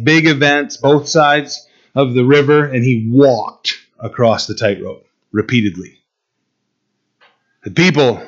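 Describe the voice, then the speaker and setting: A man's voice: medium pitch, highs cut off. A man preaching a sermon to a Bible class, emphatic, asking his listeners questions and repeating key phrases. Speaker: pastor teaching a Bible class.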